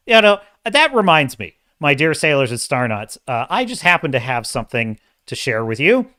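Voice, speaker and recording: Male show host, rambling opinionated review, self-correcting, bright sharp tone, dry close sound. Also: mid-range voice, moderate pace, no echo. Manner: rambling, correcting himself often; opinionated and animated. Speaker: podcast host. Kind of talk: casual live-stream movie review.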